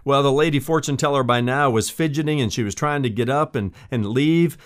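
A man's voice: medium pitch, brisk. Earnest male pastor preaching a sermon. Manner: earnest, addresses listener as friend.

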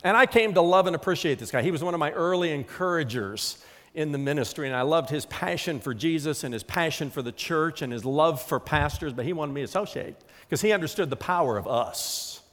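Middle-aged man, pastor, sermon, emphatic, slightly high voice, long church reverb. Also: animated, a little fast, a bit bright. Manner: emphatic, acts out quotes.

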